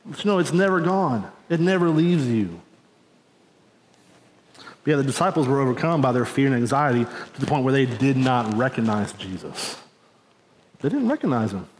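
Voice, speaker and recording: A man's voice: mid-range voice, big pitch swings, normal speed, long pauses, slight background noise. A man giving a conversational sermon as preacher, telling stories informally and often checking in with the congregation with "right?" and "y'all.". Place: church sanctuary. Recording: echoey church hall with long reverb.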